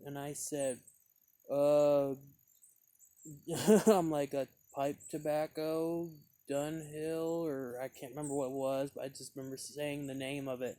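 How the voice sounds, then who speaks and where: A man chats about pipe tobacco in a loose, rambling way, full of fillers and restarts. His voice sits a bit high for a man yet sounds mellow. The recording is dry and close. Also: fairly even intonation, takes it slowly, long pauses, dry recording. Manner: meandering, heavy on fillers and restarts. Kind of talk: casual rambling storytelling.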